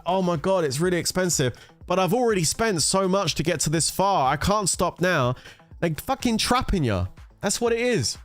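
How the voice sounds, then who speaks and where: A man's voice: fairly high pitch, no echo. Heated, cursing man ranting. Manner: heated, profane, exasperated ranting. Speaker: gaming content creator. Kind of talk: ranting commentary on a mobile game.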